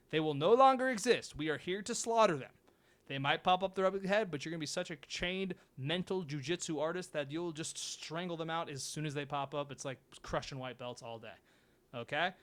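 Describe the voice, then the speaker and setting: A young man hosting his own show, talking bluntly and with swearing in a fired-up motivational monologue. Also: a little high. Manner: blunt, profane, animated. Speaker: host.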